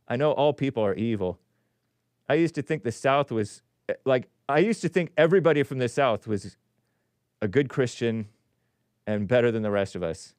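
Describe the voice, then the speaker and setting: A man's voice: medium pitch, expressive, moderate pace, pauses often, a little mellow, clean tone, dry recording. A man hosting a call-in show, reading news aloud with sarcastic, rambling asides and chuckles. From California. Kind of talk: casual live-stream commentary.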